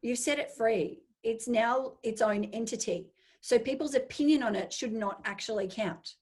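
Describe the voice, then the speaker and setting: At normal speed and a fairly high pitch, this Australian make-up artist talks as a guest in a casual interview. Her storytelling is animated, complete with acted-out inner voices.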